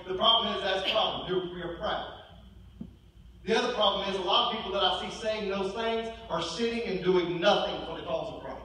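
Bright-voiced preacher in an echoey hall. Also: male voice, high voice, animated, moderate pace, a little hiss or hum. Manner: preaching with dramatic swings between loud and hushed. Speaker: pastor. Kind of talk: sermon. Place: church sanctuary. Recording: echoey church hall, mic at a distance.

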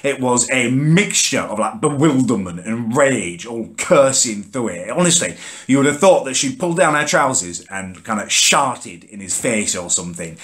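A young man, ranting in an exasperated, sweary way as the host of a comic vlog. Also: mid-range voice. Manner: exasperated, sweary, rants with lively rises and sudden drops. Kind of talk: comic character rant to camera.

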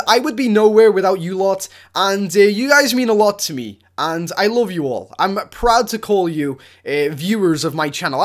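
A woman giving casual gameplay commentary as a YouTuber, excitable and prone to shrieking and laughing. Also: mid-range voice. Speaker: gaming YouTuber.

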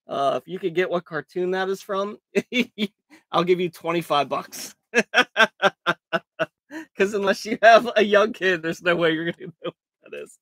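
A raspy-voiced man hosting a live card break, calling out cards in a crude, joking way and laughing often. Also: sits high, measured pace, long pauses, fairly bright tone, dry recording. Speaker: host of a live trading card box break. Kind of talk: casual live-stream commentary.

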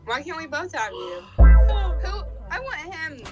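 A woman's voice: extremely high pitch, big pitch swings, slow pace, dull audio, loud music behind the voice. A woman chatting with strangers on a video chat, playful and flirty, giggling and teasing back. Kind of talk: casual video chat banter.

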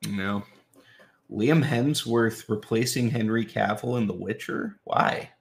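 During a casual live-stream Q&A, a young voice actor chats while signing autographs. His lowish voice moves slowly and carries vocal fry, with the room's echo audible.

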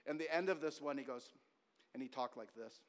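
A man preaching a sermon as pastor, talking in an animated, conversational way with asides to the congregation. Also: mid-range voice. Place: church sanctuary. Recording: long reverb of a church hall.

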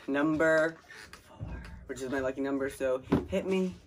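A man filming a playful challenge vlog, excitable and self-mocking, swearing often. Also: medium pitch, moderate pace. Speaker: vlogger. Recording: noisy home recording.

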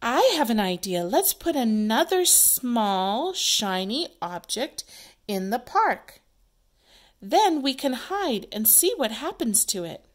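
Eager, bold girl detective in a kids' play, read by a woman teacher; animated, expressive. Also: a little high, takes it slowly. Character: curious young girl detective, Lon.

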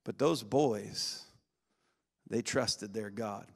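A man preaching a revival sermon, swinging between shouting and quiet intensity and laughing often. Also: lowish voice, extremely slow, gravelly. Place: large church sanctuary. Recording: long reverb of a big hall.

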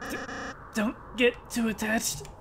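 A man's voice: very high voice, little pitch movement, unhurried, a bit bright, slight background noise, exaggerated voice. A man voicing a nervous, boyish prince from a video game who stammers and hesitates as he reads the lines aloud. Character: nervous boyish spade prince, eager to please.

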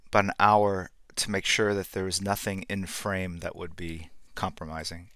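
A middle-aged man hosting a live art stream, chatting in a relaxed, rambling way and greeting viewers. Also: deep voice, normal speed, no echo. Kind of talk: casual live-stream chat. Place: home studio room.

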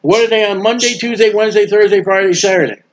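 A man preaching a sermon in a folksy, animated way, acting out the voices of people he quotes. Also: high-pitched, quick pace, highs cut off. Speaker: street preacher.

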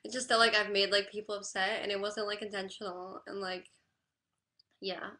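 A crying woman talking haltingly and apologetically on a live stream, full of "like" fillers. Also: mid-range voice, flat delivery, bright, forceful tone. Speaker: livestreamer reading chat.

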